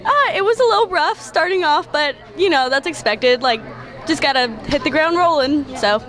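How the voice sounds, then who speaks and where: A young woman student answering street interview questions in an upbeat, relaxed way. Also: sits high, moderate pace, a crowd in the background. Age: young adult.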